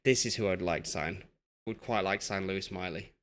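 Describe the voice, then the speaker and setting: A man's voice: deep voice, a little fast, a bit bright. A young man from Yorkshire chatting casually while live-streaming a football management game and reading chat aloud. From Yorkshire, England.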